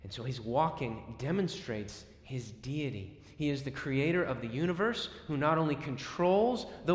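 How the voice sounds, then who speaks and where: A man preaching a sermon, telling the story dramatically with sudden swings between loud and soft. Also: mid-range voice, lively intonation, normal speed, hardly any pauses. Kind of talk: expository sermon. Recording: echoey hall with long reverb.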